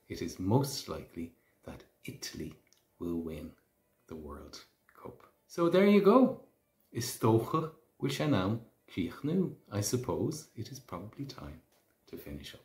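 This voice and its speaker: Slow, deep-voiced man teaching Irish. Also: wildly swooping pitch, darkish tone. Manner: slow, careful pronunciation of example phrases. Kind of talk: language lesson. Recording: roomy echo.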